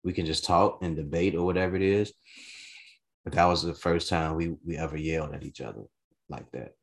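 A man telling a personal story in casual chat, animated and swearing freely, jumping into high voices for quotes. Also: a little fast.

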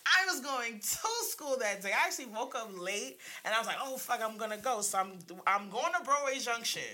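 A woman, telling stories in a casual chat, animated and slangy, swearing freely. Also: on the high side, a little fast.

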